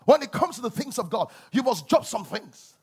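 A man preaching a sermon as a pastor, swinging between loud emphasis and quiet asides. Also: very high voice, big pitch swings, moderate pace, slightly rough.

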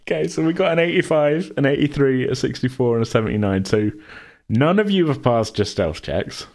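A man's voice: medium pitch, expressive, brisk, gravelly, a little mellow. A man narrating as game master of a tabletop role-play, with dry, laughing asides.

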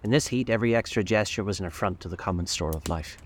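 Audiobook narrator: a man with a very deep voice, measured and deliberate. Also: slightly rough. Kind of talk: scripted narration of a classic novel.

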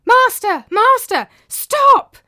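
A woman voicing a quick-witted young male slave who talks urgently and persuasively. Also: high voice, sing-song, a bit bright, voice pushed up.

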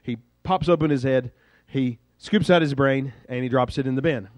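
A male pastor preaching a sermon in a lively, conversational storytelling way. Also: mid-range voice, normal speed, dry recording.

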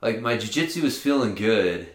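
A man's voice: lowish voice, expressive, normal speed, reverberant. A man co-hosting a podcast in casual chat, rambling with restarts and swearing freely. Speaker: podcast co-host.

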